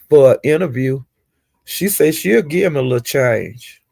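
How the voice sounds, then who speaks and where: Man, very gravelly voice, husky, dry close sound, rambling gossip recap. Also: on the high side, normal speed, no echo. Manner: rambling, animated retelling with restarts and asides. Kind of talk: casual gossip recap of livestreams.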